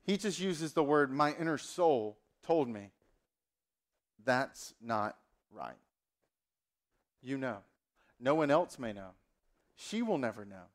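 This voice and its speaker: A male pastor preaching a sermon, addressing listeners directly with rhetorical questions. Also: mid-range voice.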